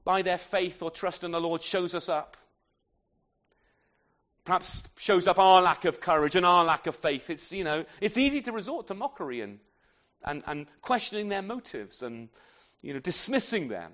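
A man's voice: high-pitched, animated, moderate pace, fairly bright tone. A man preaching an expository sermon in a conversational way, often turning his points into tag questions and adding self-deprecating asides.

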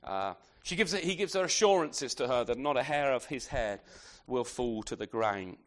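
A man's voice: medium pitch, animated. A man preaching an expository sermon in a conversational way, often ending points with tag questions and restarting his sentences. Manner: halting restarts, repeated words.

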